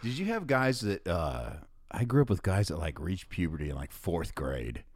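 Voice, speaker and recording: A man's voice: low-pitched, sing-song, normal speed, darkish tone, no room sound, clean studio sound. A man hosting a podcast, chatting casually with short reactions and laughs. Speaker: podcast host. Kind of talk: casual chat.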